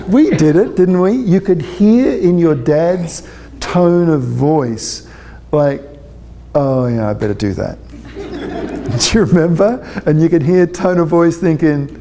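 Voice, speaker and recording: A man's voice: a little high, animated, slow pace, long pauses, mellow, slight background noise. A man giving a public talk to parents as a parenting consultant, chatty and joking, often checking in with his audience.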